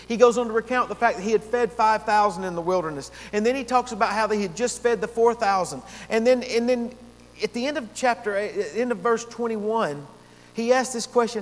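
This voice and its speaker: Man, pastor, high voice, earnest sermon, stretched-out emphasis, long church reverb. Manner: earnest preaching, slowing down to stress key words. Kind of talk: expository sermon.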